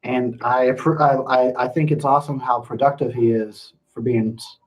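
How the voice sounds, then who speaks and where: A man's voice: medium pitch, steady tone, normal speed, low-quality recording. A man hosting a casual livestream at home, answering chat with loose, profane talk and frequent laughter, slipping into rants. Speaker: livestream host reading chat.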